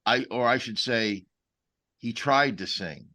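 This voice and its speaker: A man co-hosting a podcast, chatting casually and with enthusiasm, full of trivia and quick opinions. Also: mid-range voice, bright, forceful tone. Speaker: podcast co-host. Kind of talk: casual chat.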